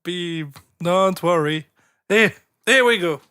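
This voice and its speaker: Host, male, slow halting chat, giggly, dry close sound. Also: high-pitched, bright, forceful tone, smooth, no echo. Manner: giggly, halting, repeats words. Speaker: host reviewing submitted tracks. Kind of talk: casual live-stream chat.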